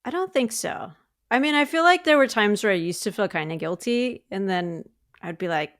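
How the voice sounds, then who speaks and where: Animated woman podcast co-host, dry sound. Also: mid-range voice, a little fast, no echo. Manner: animated, acts out quotes. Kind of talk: casual chat.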